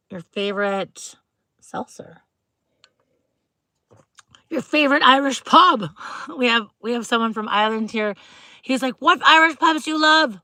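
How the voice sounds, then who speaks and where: A woman chatting on a live stream, bubbly and loose, saying "like" again and again as she greets people. Her voice is bright and forward, and it sounds close and dry with no room around it. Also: mid-range voice, no room sound. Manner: chatty, bubbly, full of "like" fillers, greets viewers. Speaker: livestream host. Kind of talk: casual live-stream chat.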